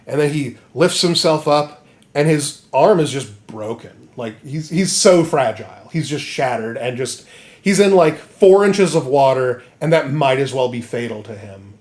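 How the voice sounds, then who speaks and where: A man hosting a podcast, recapping a story in an animated, rambling comedic way. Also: medium pitch, unhurried. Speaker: podcast host.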